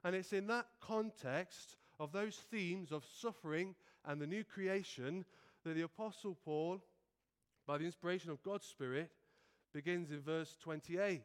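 Earnest, nervous male preacher, high, clear voice. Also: a little slow. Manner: earnest, self-effacing, with frequent restarts. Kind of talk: sermon. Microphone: stand mic.

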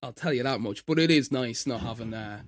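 A man in his thirties with an Irish accent, chatting casually on a podcast as a guest, self-mocking and quick to laugh. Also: mid-range voice, no echo. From Ireland. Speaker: podcast guest, voiceover freelancer.

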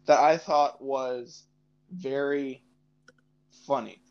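A man's voice: medium pitch, drawn-out words, darkish tone, highs cut off, slight background noise. A young man co-hosting a podcast in casual chat, laughing often and rambling. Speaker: podcast co-host.

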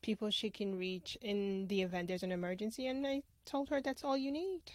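A woman's voice: mid-range voice, a little fast. A woman hosting a podcast in a casual interview, reflective and repeating words for emphasis. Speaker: podcast host.

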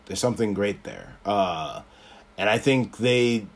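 A man's voice: fairly low pitch, animated, unhurried, vocal fry. A man hosting a podcast, talking casually about a movie, retelling scenes with frequent ums and restarts. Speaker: podcast host. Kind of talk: casual film commentary.

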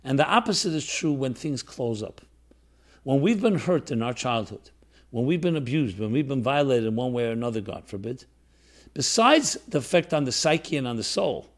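Speaking at a normal speed with a medium pitch and lively intonation, this rabbi tells his listeners a personal story during a class. He's earnest and thoughtful, restarting sentences and using fillers along the way.

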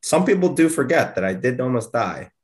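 A man's voice: mid-range voice, sing-song, a little fast, darkish tone. A man chatting casually on a podcast over a video call, rambling with lots of fillers. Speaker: podcast co-host. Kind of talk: casual chat. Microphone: video call mic.

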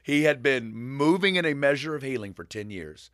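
Animated man telling a faith story. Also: medium pitch, moderate pace, no echo, studio quality. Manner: animated storyteller, rambling with restarts. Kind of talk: casual faith conversation, retelling a story.

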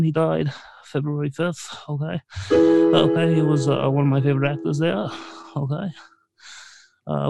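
A man's voice: a little high, gravelly, low-quality recording. A man playing a fumbling late-night talk show host who halts and tacks "okay" onto nearly every phrase. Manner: breaks into off-key song snippets. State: short of breath. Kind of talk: comedy bit.

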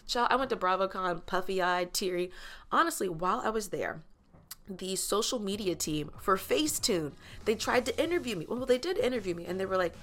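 Woman comic storyteller, mid-pitch, animated and dramatic, slangy gossip. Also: brisk. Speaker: comedic storyteller. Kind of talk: comedic storytelling monologue.

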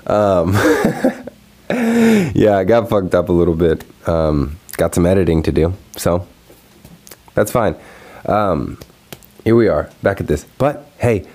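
A man's voice: low-pitched, slow pace, long pauses. A young man hosting his own video, ranting casually and profanely about something that annoyed him online. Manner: profane, exasperated, animated ranting. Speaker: video host. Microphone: recorded alone at home.

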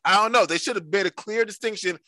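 High-voiced, bright, argumentative man. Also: fast, dry recording, low-quality recording. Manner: animated, argumentative, repeats himself. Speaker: podcast co-host. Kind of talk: casual podcast debate.

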